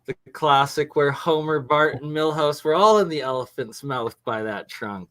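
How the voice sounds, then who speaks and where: Canadian male co-host, fairly high-pitched, relaxed and teasing. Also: moderate pace. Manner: easygoing, teasing banter. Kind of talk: casual chat.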